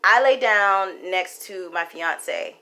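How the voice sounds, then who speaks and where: Storyteller vlogger: young woman, crisp bright tone, emphatic and casual, swears freely. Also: mid-range voice, slow pace, soft background music. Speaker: tarot card reader.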